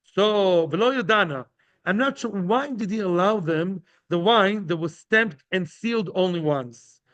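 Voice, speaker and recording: A man's voice: high voice, a little slow, fairly bright tone, dull audio. A man teaching a daily Talmud class to a live group. He translates each phrase, repeats himself and checks in with the listeners. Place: study hall with a live class.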